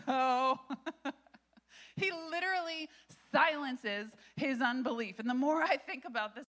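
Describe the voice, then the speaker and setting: A woman in her thirties, a pastor, giving an animated, conversational sermon with frequent laughter. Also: high-pitched, slow.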